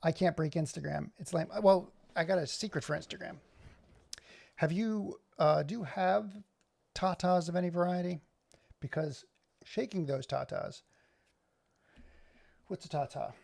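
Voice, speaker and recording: A man's voice: a little high, unhurried, creaky, long pauses, darkish tone. A man hosting a casual live stream from his computer, rambling and joking as he talks to his chat. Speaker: livestream host.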